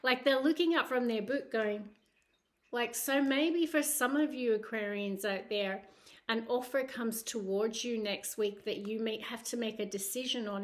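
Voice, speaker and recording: A woman with a Scottish accent giving a casual tarot reading, chatty, with many fillers and tag questions. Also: fairly high pitch. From Scotland. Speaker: tarot reader.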